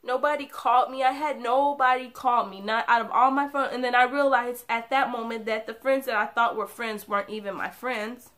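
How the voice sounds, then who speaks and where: A young woman talks straight to her viewers in a bright, fairly high voice and shares a hard personal story. She sounds candid and confiding, and laughs between the sad moments. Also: fairly even intonation, brisk, hardly any pauses. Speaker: vlogger.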